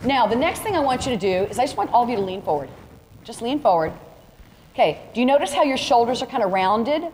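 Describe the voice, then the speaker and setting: Woman, higher voice, chatty workshop teacher, echoey hall, faint background noise. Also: expressive, quick pace, a little mellow. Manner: chatty, direct, demonstrative, uses "y'all". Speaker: photography instructor. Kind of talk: live workshop lesson. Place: large room with a live audience.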